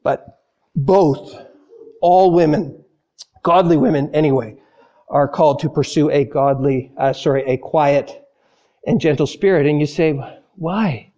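High-voiced animated male preacher. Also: dull audio. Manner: animated storyteller, acts out panicked voices; slows and softens on key phrases. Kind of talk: sermon.

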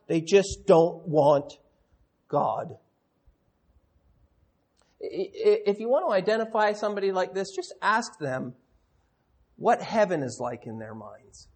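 A man preaching a sermon as pastor, explaining in a teaching tone, with loud stressed words and quiet drops. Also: high-pitched, animated, slow pace, long pauses, husky. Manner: explanatory teaching tone with audience asides.

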